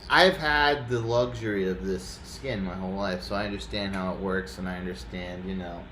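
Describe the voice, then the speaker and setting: A man's voice: deep voice, normal speed, reverberant. Guy hosting a sports talk show, jokey, laughs a lot, trails off, bit of hiss. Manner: joking, laughs easily, trails off. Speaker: podcast host. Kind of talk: casual chat.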